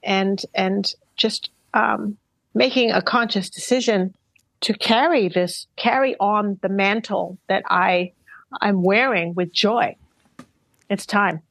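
A middle-aged woman being interviewed, talking in a thoughtful, earnest and measured way. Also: mid-range voice, gravelly, a bit bright, dry recording, rough recording. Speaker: interviewed singer. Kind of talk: reflective interview talk.

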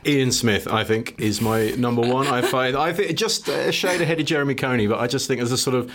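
A man, a cricket correspondent, talking quickly on a podcast panel. His tone is wry and self-deprecating, and his voice is mid-pitched. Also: fairly bright tone. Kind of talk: casual podcast chat.

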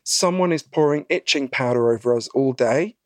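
A man being interviewed about his book, telling stories in a lively conversational way and acting out the voices he quotes. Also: mid-range voice, normal speed, no room sound, clean studio sound. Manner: animated storyteller, acts out quoted voices, frequent "right?".

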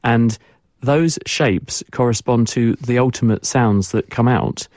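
A man's voice: medium pitch, slow pace, darkish tone, no room sound, studio quality. A man, a science expert guest on a radio show, explaining fluently and repeating words for emphasis.

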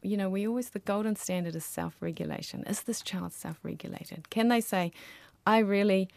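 A woman's voice: mid-range voice, normal speed, gravelly, dry recording. A woman speaking as a guest expert on raising children, explaining earnestly in an interview. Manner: earnest, explanatory, softens into quiet voices when quoting parents. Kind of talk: interview answers.

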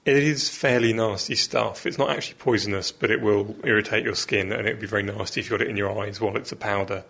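A man's voice: fairly low pitch, steady tone, quick pace, vocal fry, fairly bright tone, slightly rough. A man presenting a kitchen science experiment and giving practical step-by-step instructions. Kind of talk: explaining an experiment.

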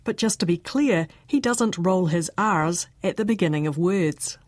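A woman with a New Zealand accent presents a radio science show, reading her script crisply and clearly. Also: fairly low pitch, animated, a little slow, no room sound. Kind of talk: scripted radio narration and interview. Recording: dry studio sound.

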